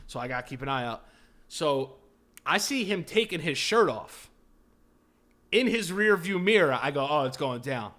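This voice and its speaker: Man, podcast co-host, casual storytelling, profane, animated, bright tone. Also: a little high, moderate pace, pauses often. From Florida. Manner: animated, profane, acts out the people in his story.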